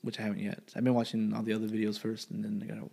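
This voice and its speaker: A man's voice: on the low side, completely flat delivery, rapid-fire, vocal fry, dark tone, slightly rough. A young man, a college student, in a rambling, profane casual chat. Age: young adult.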